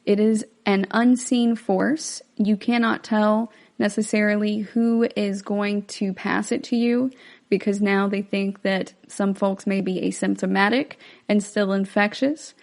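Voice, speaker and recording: A woman's voice: medium pitch, level tone, a little slow, vocal fry, darkish tone. Chatty woman podcast host. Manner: chatty, explanatory, acts out quotes. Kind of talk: casual film commentary.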